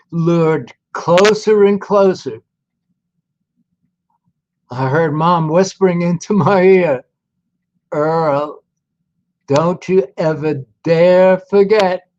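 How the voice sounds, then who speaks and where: An elderly man in his nineties tells an old life story to a gathered audience, taking his time with every phrase. His voice sits a little high for a man, and the recording has a dull, muffled lo-fi sound. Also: darkish tone. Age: 90s. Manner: slow, deliberate, folksy storytelling. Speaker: veteran storyteller.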